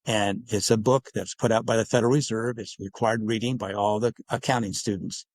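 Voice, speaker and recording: A man's voice: fairly low pitch, steady tone, fairly quick, no room sound. A man being interviewed as an author on a podcast, explaining his points at length and acting out bits of dialogue. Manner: explanatory, acts out dialogue in quotes. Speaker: guest author.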